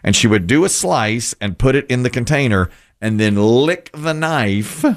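A man's voice: mid-range voice, normal speed. A man in his fifties hosting a radio talk show, telling long stories and laughing often. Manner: storytelling, animated, laughs often. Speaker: radio host. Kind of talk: casual radio chat.

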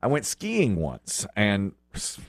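A man hosting a talk show, telling funny stories in a casual, animated way. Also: slow. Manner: animated storyteller, lively pitch swings. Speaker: radio show host. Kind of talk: casual chat with co-hosts.

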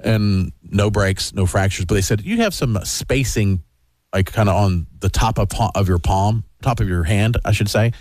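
A man's voice: on the low side, moderate pace, a little mellow, no echo, clean studio sound. A middle-aged man hosting a radio show who tells a story in casual chat and acts out other people's lines.

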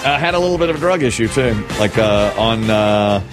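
Lively host over music. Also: male voice, lowish voice, a little fast. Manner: chatty and animated, reads scores and bios. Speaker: podcast host running a guessing game. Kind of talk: casual chat.

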